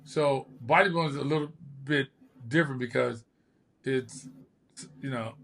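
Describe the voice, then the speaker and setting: With a creaky, mid-range voice and a moderate pace, this older man tells stories in a relaxed way. A podcast host and one-time bodybuilder, he brings them to life by acting out each quote.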